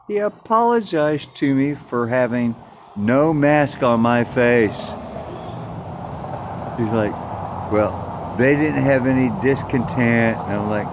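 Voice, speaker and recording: A man's voice: mid-range voice, lively intonation, slow, background noise. A man telling a story in a crude, defiant, boastful rant, swearing constantly. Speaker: vlogger.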